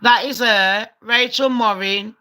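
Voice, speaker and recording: A woman commentating on a true-crime video, excitable, loud and swearing a lot. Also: on the high side, slow, clean tone. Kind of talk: live commentary over video.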